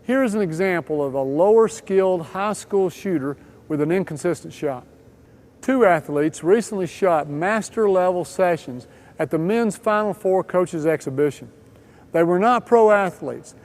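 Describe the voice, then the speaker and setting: A man with a notably high speaking voice narrates an instructional training video. His delivery is scripted and measured, walking through each point step by step. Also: a little mellow.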